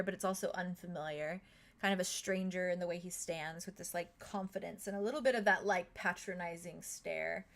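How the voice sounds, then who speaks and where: A woman narrating a fantasy tabletop game as game master. Her delivery is casual and loose, full of fillers and small chuckles. Her voice sits at an ordinary middle pitch. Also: fairly bright tone. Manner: casual, many fillers, chuckles between lines.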